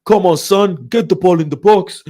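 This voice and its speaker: A man's voice: high-pitched, normal speed, mellow, pitched above the performer's own voice. A man putting on an impatient old-school football coach barking orders from the touchline.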